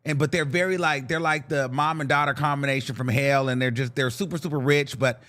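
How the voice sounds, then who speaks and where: A young adult man hosting a podcast, telling a rambling, profane, animated story in casual talk and acting out the voices in it. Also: mid-range voice, a little fast. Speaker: podcast host.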